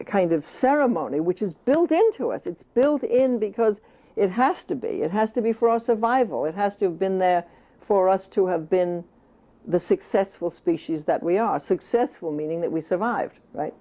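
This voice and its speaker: A woman's voice: fairly low pitch, dark tone. A woman author answering interview questions earnestly, stressing her points by repeating phrases and sometimes speaking in a baby's first person.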